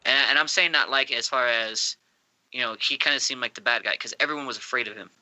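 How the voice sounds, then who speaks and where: A man's voice: medium pitch, quick pace, sharp tone, dry recording, poor audio. A man co-hosting an anime podcast, talking in an easygoing, agreeable way. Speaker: podcast co-host. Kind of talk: casual anime podcast chat.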